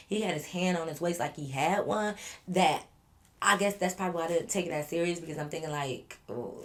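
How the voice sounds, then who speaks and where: A woman vlogger telling a storytime to her viewers in an animated, laughing way, acting out what people said. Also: medium pitch. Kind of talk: storytime narration.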